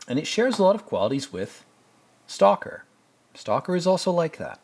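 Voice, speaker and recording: A man's voice: a little high, very animated, normal speed, creaky, darkish tone. A man hosting a casual film commentary, rambling and stammering with joking asides. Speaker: host.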